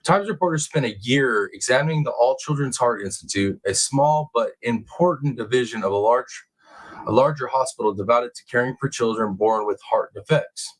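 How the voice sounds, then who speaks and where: A man's voice: medium pitch, normal speed, poor audio. A young man hosting a live stream, reading a news report aloud and breaking off for casual, slangy, emphatic asides to his chat. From California.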